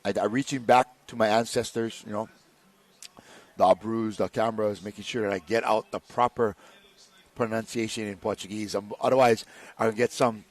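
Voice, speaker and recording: A man's voice: on the low side, fairly even intonation, moderate pace. A man doing live race commentary in a joking, laid-back way. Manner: joking, laid-back, calls people bro.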